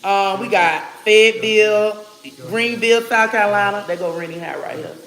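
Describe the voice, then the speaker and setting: Guy on a phone livestream, pretty high voice, calling out where folks are from, chill and chatty. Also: fairly even intonation, normal speed, sharp tone. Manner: rattles off viewer places, friendly and loose; chatty asides, endearments like boo-boo and baby. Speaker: livestream host. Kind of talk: casual livestream shout-outs.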